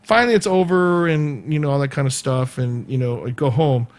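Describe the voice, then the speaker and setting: A man's voice: medium pitch, brisk. A man from California, telling a story in a casual vlog, laughing often and acting out what people said. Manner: animated, laughs often, acts out quoted dialogue. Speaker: vlogger.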